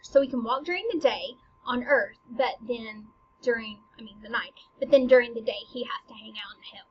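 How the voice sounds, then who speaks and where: A woman giving a casual lesson that explains a play, animated and jokey, with playful asides. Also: on the high side, normal speed, lo-fi sound, a little hiss or hum.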